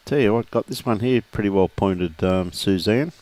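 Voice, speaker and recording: Male bowls caller, middle-aged, lowish pitch, matey and joking. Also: normal speed, hardly any pauses, a little mellow, dry recording. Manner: jokey, matey banter with frequent laughs. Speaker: lawn bowls commentator. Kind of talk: live sports commentary.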